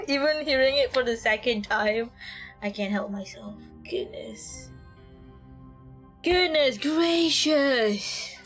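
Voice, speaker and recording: A woman's voice: fairly high pitch, unhurried, a bit bright, soft background music. A young woman streaming a game, with giggly, rambling commentary and frequent laughter. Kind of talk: casual gameplay commentary.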